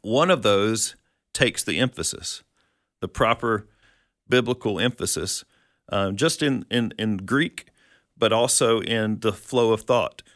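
A man's voice: lowish voice, a little slow, a bit bright, no room sound, clean studio sound. A man co-hosting a conversational Bible teaching, explaining verses and asking questions. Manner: explanatory, quotes scripture, asks questions.

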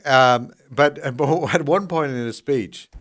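A man hosting a political talk radio show, delivering the news in a measured way and laughing often. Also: mid-range voice, a bit bright.

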